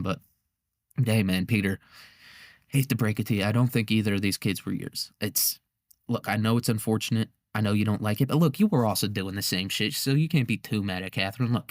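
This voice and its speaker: A man's voice: lowish voice, no echo, studio quality. A man hosting a podcast, telling history as a casual comedic monologue, rambling and swearing, with frequent laughter. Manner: profane, rambling, laughs often. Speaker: podcast host.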